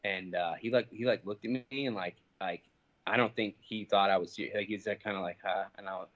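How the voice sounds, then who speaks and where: A young man with a fairly low voice tells a heated story, cursing freely and tripping over his fillers. The audio is dull and lo-fi, like a call line. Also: fairly even intonation, a little fast, fairly bright tone. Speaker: interview guest, professional fighter. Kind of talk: casual phone interview.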